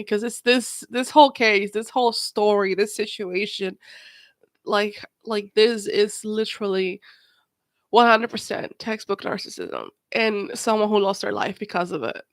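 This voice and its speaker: A woman's voice: mid-range voice, no echo. A woman hosting a watch-along, reacting to a documentary with emphatic, repetitive commentary. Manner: emphatic, swearing, repeats words. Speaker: host.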